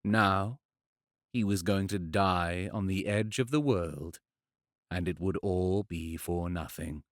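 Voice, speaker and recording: A man narrating a fantasy audiobook in a measured, expressive storytelling manner, on a close studio mic. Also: low-pitched, dry recording.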